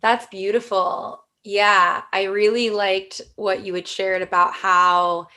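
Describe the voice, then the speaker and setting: A woman's voice: mid-range voice, level tone, slow pace, pushed and bright. A woman hosting a podcast interview, speaking in an enthusiastic, affirming way. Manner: enthusiastic, affirming, lots of fillers. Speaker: podcast host. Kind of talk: casual interview chat.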